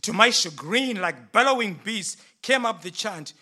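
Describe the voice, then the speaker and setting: A frustrated, defensive Roman governor, put on by a preacher in a dramatic first-person sermon. The voice sits high and bright and moves at a measured, slow pace. The delivery is theatrical and swells into loud, indignant outbursts. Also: male voice, expressive, heavily acted. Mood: bitter. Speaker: preacher in character.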